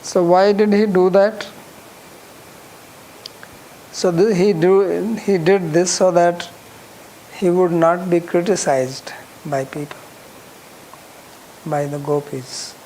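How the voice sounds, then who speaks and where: A man's voice: high-pitched, fairly even intonation, slow pace, long pauses, warm tone, slight background noise, poor audio. A man giving a scripture lecture, explaining verses and reciting Sanskrit lines. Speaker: teacher of scripture.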